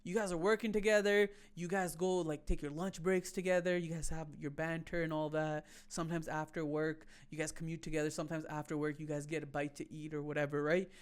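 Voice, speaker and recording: A woman's voice: low-pitched, little pitch movement, a little fast, hardly any pauses, clear, resonant tone. A woman comedian hosting a casual podcast, spinning playful hypothetical bits. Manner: playful storyteller, building bits.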